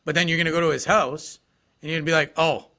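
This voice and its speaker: A man's voice: fairly high pitch, flat delivery, very fast, pushed and bright. A man in a casual podcast chat, talking with lots of "you know" and "right?" fillers.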